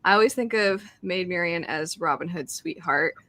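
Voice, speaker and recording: A woman hosts a casual reading stream, reading chat messages aloud and laughing often. Her voice is lowish, bright and forceful, at a moderate pace.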